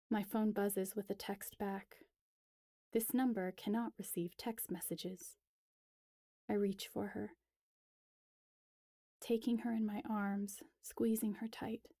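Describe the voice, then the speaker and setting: Slow, mellow woman reading a story. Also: mid-range voice, no echo, studio quality. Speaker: reader. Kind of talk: first-person story narration.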